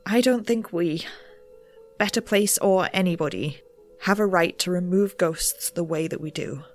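A woman's voice: on the low side, unhurried, soft background music, natural voice. A woman playing a rambling young researcher. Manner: rambling and self-deprecating. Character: nervous, rule-bending young woman researcher. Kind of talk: audio drama narration.

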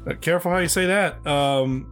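A man's voice: on the high side, fairly quick, a bit bright, soft background music. A man co-hosting a podcast in casual chat, rambling with lots of fillers and restarts and swearing freely. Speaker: podcast co-host.

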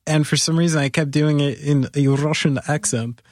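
A man's voice: on the high side, steady tone, normal speed, a little mellow, dry recording, studio quality. A man hosting a podcast in a casual chat, joking and rambling, laughing often. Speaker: podcast host.

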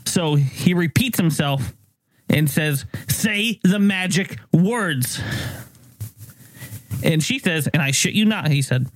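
A man co-hosting a casual chat, retelling a story in an animated way with mock-indignant outbursts. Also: on the high side, moderate pace, no echo.

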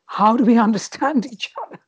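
Middle-aged woman, Bengali-influenced Indian English accent, warm and breathy, lively storytelling, muffled lo-fi recording. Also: a little high, brisk. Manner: animated, laughing, with frequent restarts. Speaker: guest. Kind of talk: reflective storytelling.

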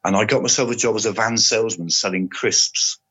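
An older man tells his anecdotes in an unhurried, matter-of-fact way. His voice sits low and husky. The recording sounds dull and lo-fi. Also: a bit bright. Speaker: podcast guest, former soldier and police officer. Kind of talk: casual storytelling. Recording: dull lo-fi audio.

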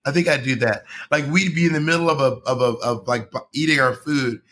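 A man's voice: mid-range voice, brisk, fairly bright tone, a little hiss or hum. An American man hosting a casual video-call chat, playful and rambling, drifting into tangents. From United States.

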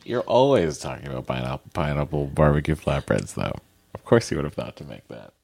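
A man's voice: extremely low pitch, very animated, brisk, gravelly, darkish tone. A man co-hosting a casual chat show, joking and teasing with playful asides. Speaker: podcast co-host.

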